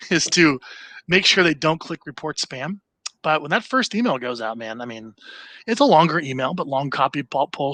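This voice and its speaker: Bright-voiced man talking casually. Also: on the high side, dry recording. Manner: casual, filler-heavy, restarts phrases. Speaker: marketing company CEO, guest. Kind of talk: conversational interview, sample email read aloud.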